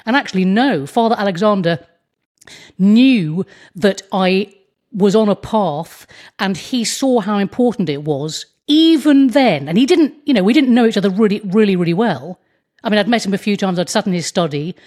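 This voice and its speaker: Woman, interview guest, casual chat, animated storyteller, mid-range voice. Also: medium pitch, moderate pace. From England. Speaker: guest comedian.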